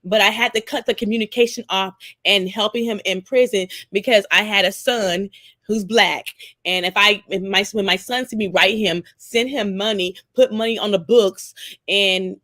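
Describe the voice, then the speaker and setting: A woman's voice: a little high, brisk, fairly bright tone, dry recording. A woman in her forties talking on a discussion panel, emphatic, repeating herself and cursing freely. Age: 40s. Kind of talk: casual discussion.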